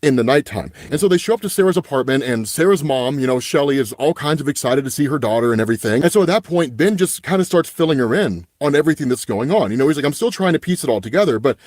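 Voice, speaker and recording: A man's voice: mid-range voice, lively intonation, fast talker, few pauses, darkish tone, no room sound, clean studio sound. A young man hosting a casual comic book recap, animatedly paraphrasing the characters' dialogue with frequent "right?" asides. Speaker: comic book channel host.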